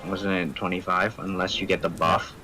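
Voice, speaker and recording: A man chatting casually as a teammate during a game, dry and deadpan, poking fun at himself. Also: sits low, moderate pace, over music, low-quality recording. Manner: dry, deadpan, self-mocking. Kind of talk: casual gaming chat.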